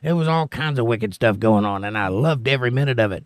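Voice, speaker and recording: A man's voice: medium pitch, lively intonation, quick pace, dry recording. A man hosting a political livestream from the United States, reading chat comments aloud and answering them in an argumentative, sarcastic way.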